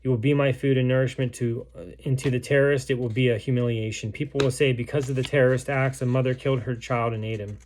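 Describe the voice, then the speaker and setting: A man's voice: mid-range voice, steady tone, fast, hardly any pauses, darkish tone, slight background noise, natural voice. A man reading aloud the words of a starving, grief-stricken mother in a besieged city, in a solemn, pleading way. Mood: pleading, grieving.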